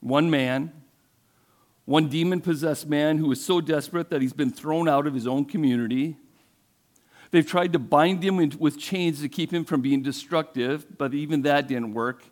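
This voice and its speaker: A man's voice: a little high, normal speed. Man, pastor, sermon, conversational storytelling, questions to the congregation.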